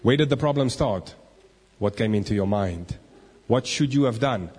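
A man's voice: mid-range voice, normal speed, husky. A man preaching a sermon, acting out the inner voices of the people he talks about. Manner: animated, acts out inner voices. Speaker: pastor. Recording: long reverb of a church hall.

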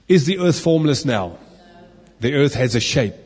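A man's voice: medium pitch, sing-song, unhurried, a little mellow, slightly rough. A man teaching from the Bible to a live group, asking his listeners questions and making playful asides. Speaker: preacher. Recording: echoey hall.

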